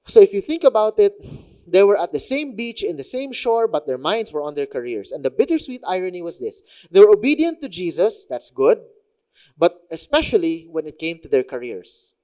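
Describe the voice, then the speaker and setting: Animated Filipino-accented young male preacher. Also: high voice, a little fast. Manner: animated, conversational, mixes in local phrases. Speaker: pastor. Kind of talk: sermon.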